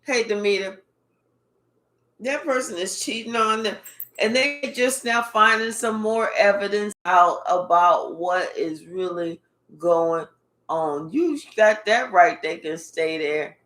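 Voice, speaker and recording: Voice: medium pitch, takes it slowly, fairly bright tone. A spiritual reader giving a casual reading in a blunt, profane, repetitive way. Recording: echoey room.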